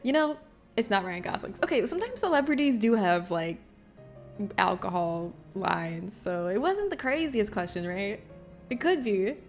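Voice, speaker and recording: A woman's voice: medium pitch, animated, moderate pace, faint music behind. A young woman hosting a livestream, chatting with her viewers in a bubbly, self-mocking way and laughing often. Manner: reads chat messages aloud. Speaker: livestream host. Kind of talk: casual chat with chat readers.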